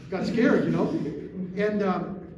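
A man's voice: high voice, slow pace, echoey room. Middle-aged man, emphatic storyteller, distant mic, faint background hiss. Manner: animated storyteller, emphatic rhetorical questions. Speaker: guest speaker. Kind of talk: storytelling talk to a gathering.

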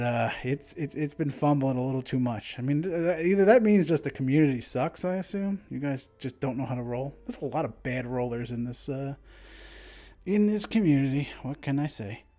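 A man's voice: medium pitch, animated, normal speed, mellow. A man hosting a livestream in casual chat, laid-back and rambling, often laughing. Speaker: stream host.

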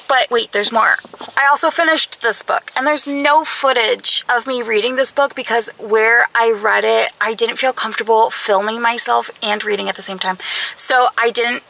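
A woman's voice: on the high side, vocal fry, bright, forceful tone, poor audio. A young woman talking casually in a reading vlog, emphatic and gushing, full of "like" and "you know what I mean". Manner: emphatic, gushing and exasperated, filler-heavy. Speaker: book vlogger.

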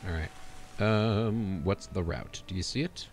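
A man's voice: low voice, unhurried, a little hiss or hum. A man streaming a video game, chatting to himself in a goofy, joking way. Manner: goofy, self-talking, laughs at his own jokes. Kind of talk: casual gameplay commentary.

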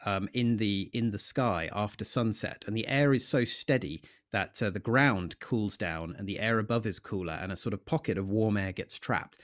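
A man with a fairly low voice explains science with eager, story-laden enthusiasm, often pausing on "uh" and "um." The sound is dry and close, with little room around him. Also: no echo. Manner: enthusiastic, storytelling, frequent fillers. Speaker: astronomer guest. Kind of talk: explanatory Q&A chat.

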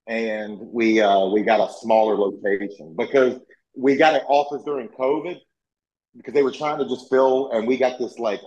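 A man in his forties with a Virginia accent talks over a video call. He is easygoing and self-deprecating, and his voice sits at a middle pitch. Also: a little mellow, dull audio. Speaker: guest. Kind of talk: casual chat on a video call.

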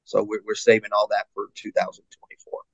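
An animated male metal singer tells stories in an interview, acting out other people's voices and laughing often. The sound is dry and close, with a slightly dull, lo-fi tone. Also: fairly low pitch, fast, gravelly, slightly rough, dry recording. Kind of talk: casual interview chat.

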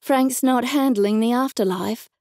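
A stern, sharp-tongued funeral director woman with an Australian accent in a cozy mystery audiobook, as the narrator takes her on. Her curt lines come in a mellow, gravelly voice in a dry room. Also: fairly high pitch, a little slow, no echo. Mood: stern, snapping. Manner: curt and raised when snapping.

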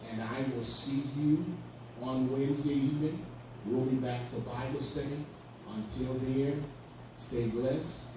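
A man giving a pastor's closing blessing at the end of an online service, earnest and gently urging, repeating his reassurances. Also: mid-range voice, fairly even intonation, unhurried, background noise. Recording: echoey hall from far off with music.

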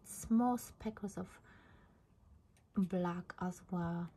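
A woman's voice: lowish voice, extremely slow, dark tone, husky. A woman hosting her craft channel, chatting casually and gushing about a handmade card she received. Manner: gushing, repeats "I love". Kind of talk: casual chat opening mail.

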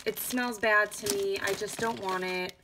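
A young woman vlogs about her wax collection, chatting casually in a rambling, self-deprecating way full of fillers. She's slightly out of breath, and her mid-range voice is fairly even and a little slow, over a noisy background.

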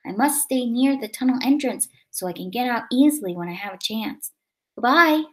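A woman's voice: on the high side, lively intonation, moderate pace, lightly acted. A woman voicing Boris, a worried young dragon. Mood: urgent. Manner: urgent, breathless. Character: young male dragon, anxious but brave.

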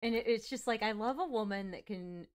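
A woman's voice: fairly high pitch, brisk. A woman co-hosting a casual podcast, chatty and enthusiastic, with frequent fillers. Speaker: podcast co-host.

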